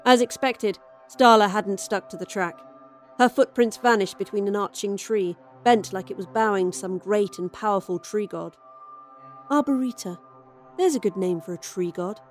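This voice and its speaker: A woman narrates a first-person horror story in a wry, expressive voice at a middle pitch. Her scripted reading shifts between dry asides and vivid description. A faint music score sits under her reading. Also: moderate pace.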